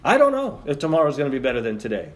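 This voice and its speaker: A man preaching a sermon as pastor, joking with the congregation and reading scripture aloud in an animated way. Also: mid-range voice, rapid-fire.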